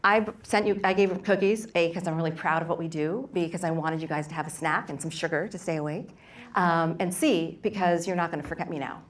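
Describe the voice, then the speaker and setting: A middle-aged woman speaks on a workshop panel about raising money for her bakery. Her voice sits a little low, and her talk is candid and lively, full of quick stories and asides. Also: slight background noise.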